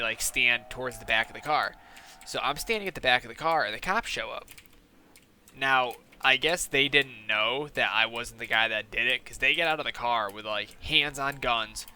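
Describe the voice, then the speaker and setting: A young man and gaming channel host telling a story in casual, animated, profane style, full of fillers and quoted lines. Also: medium pitch, clean tone.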